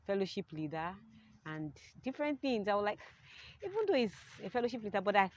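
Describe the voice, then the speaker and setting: A woman shares a personal testimony in an earnest, heartfelt way. Her voice sits a little low, and she presses her points firmly when giving advice. There is a faint hiss of noise behind her. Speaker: testimony speaker.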